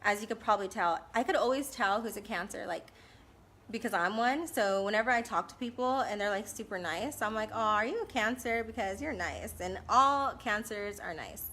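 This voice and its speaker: A woman's voice: medium pitch, normal speed, bright, forceful tone, slight background noise. A woman in her thirties from California, chatting bluntly and casually while answering viewer questions live, laughing often. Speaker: live-stream host doing Q&A.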